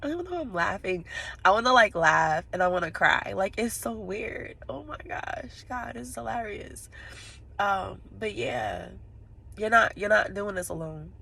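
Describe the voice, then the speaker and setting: A woman's voice: mid-range voice, expressive, normal speed, gravelly, bright, forceful tone, breathy edge. A woman vlogging from inside her parked car, tearful and sniffling, rambling straight to her viewers and laughing through her tears. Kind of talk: casual vlog monologue.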